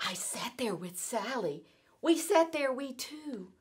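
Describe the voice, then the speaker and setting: A woman teacher reading a rhyming children's book aloud in an expressive, sing-song storytelling manner. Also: a little high, slow, noisy background. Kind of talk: children's read-aloud narration.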